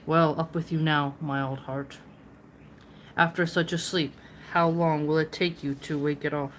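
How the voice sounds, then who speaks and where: A woman reading the words of an old male sage who muses aloud to himself, with slow, measured delivery. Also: deep voice, fairly even intonation, slight background noise. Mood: musing.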